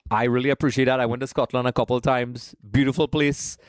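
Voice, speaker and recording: A man's voice: mid-range voice, flat delivery, quick pace, no room sound, studio quality. A man from Trinidad, hosting a live watch-along stream in a casual, chatty way, greeting viewers by name and calling them folks.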